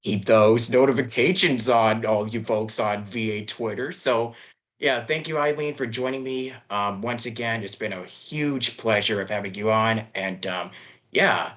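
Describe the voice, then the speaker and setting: Guy hosting a podcast, bright voice, upbeat and loose, lots of ums. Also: fairly low pitch, a little slow. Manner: upbeat, loose, filler-heavy. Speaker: podcast host, voice actor. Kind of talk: casual podcast chat.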